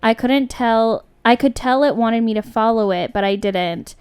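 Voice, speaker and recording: A young woman co-hosting a podcast, chatting casually and then reading a story aloud at a steady pace. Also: on the high side, clear, resonant tone. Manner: chatty, laughs easily, reads with slow steady pacing. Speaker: podcast co-host.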